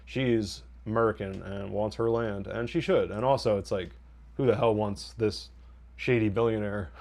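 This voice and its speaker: A man with a lowish voice talks through a TV episode in a loose, rambling recap. He gets wry about the plot and quotes the characters in quick mock voices. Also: fairly even intonation, gravelly, darkish tone. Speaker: TV review podcast host. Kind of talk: casual spoiler recap and review.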